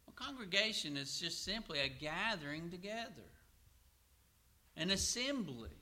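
A middle-aged man preaching a sermon, asking questions and answering them himself, and slowing down to read scripture aloud. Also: high voice, big pitch swings, bright, forceful tone. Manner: asks and answers his own questions.

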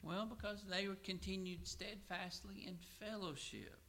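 A middle-aged man preaching a sermon, asking questions and answering them himself, and slowing down to read scripture aloud. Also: sits high, fairly even intonation, sharp tone. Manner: asks and answers his own questions.

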